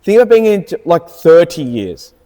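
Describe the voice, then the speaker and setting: Earnest Aussie co-host in a reverby room. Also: male voice, a little high, very animated, moderate pace, warm tone. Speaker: podcast co-host, car salesman. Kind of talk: casual chat.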